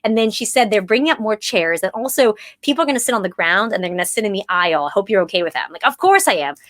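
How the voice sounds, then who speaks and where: An American woman, an actress and playwright in her thirties, telling a story in a casual, animated way and quoting herself and others with lively jumps in pitch. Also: rapid-fire, dry recording. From United States.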